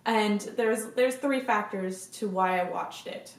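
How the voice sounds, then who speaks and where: A woman's voice: mid-range voice, takes it slowly. A young woman vlogger chatting casually to camera, gushing enthusiastically and swearing now and then. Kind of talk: casual fan chat to camera. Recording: echoey room.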